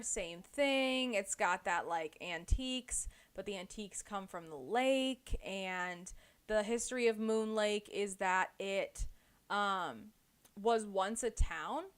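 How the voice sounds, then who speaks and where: A woman's voice: mid-range voice, clean tone. Chatty woman recapping a book. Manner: animated retelling with lots of "like" and "um". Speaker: podcast host. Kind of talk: casual book club chat.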